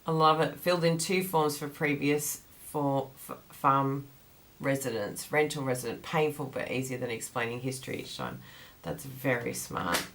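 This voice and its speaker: A woman with a low voice chats casually to her livestream audience as host of a craft class. She rambles and laughs often, and her voice sounds groggy from the morning. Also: moderate pace, fairly bright tone.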